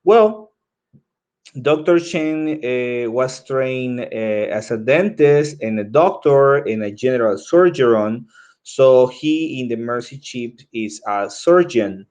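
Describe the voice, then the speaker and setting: A man leads an English lesson at an unhurried, slow pace. He lays out each task step by step and repeats instructions patiently. He often pauses to check that the class is following with a quick "okay?". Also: mid-range voice, expressive, darkish tone. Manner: explains step by step and repeats himself. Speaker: English teacher.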